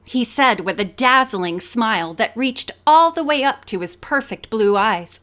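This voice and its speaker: Brief: female audiobook narrator, high voice, expressive reading. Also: a little slow, hardly any pauses. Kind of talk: scripted narration.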